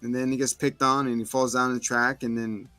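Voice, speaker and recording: A man co-hosting a casual show, retelling a movie plot with lots of swearing and quick put-on voices. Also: medium pitch, no room sound, faint music behind. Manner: animated storyteller, acts out voices, swears. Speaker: podcast co-host. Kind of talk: casual chat, movie recap.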